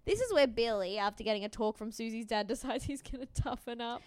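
A woman co-hosting a casual chat, recapping a show with animated storytelling, acting out quoted lines and swearing freely. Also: on the high side, fast, clear, resonant tone, dry recording. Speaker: podcast co-host.

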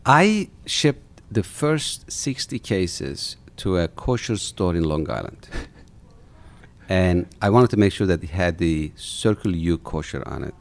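A middle-aged man from Turkey, an animated storyteller who repeats words as he recounts his company's start in an interview. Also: sits low, a little slow. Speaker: company founder guest.

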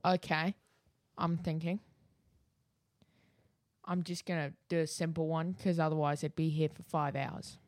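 A man co-hosting a casual podcast, joking around in a quick, excitable way. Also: on the high side, no echo. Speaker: podcast co-host. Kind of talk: casual chat.

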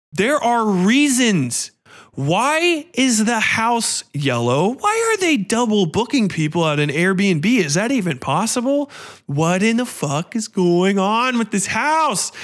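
Profane man with a fairly high voice. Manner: profane, animated retelling. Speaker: podcast host. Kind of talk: casual film review chat.

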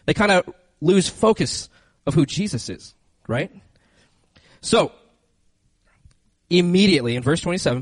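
A man preaching a lively, conversational sermon into a handheld microphone, speaking directly to his listeners. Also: high voice, measured pace, pauses often, dry recording, low-quality recording. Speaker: youth preacher. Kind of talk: lively sermon with acted-out scenes.

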